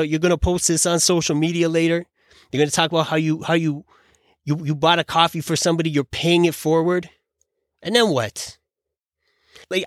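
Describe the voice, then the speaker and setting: A man's voice: a little high, a bit bright, dry recording, studio quality. A man hosting a podcast, ranting casually in an opinionated, exasperated way, rambling with lots of restarts and fillers. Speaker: podcast host.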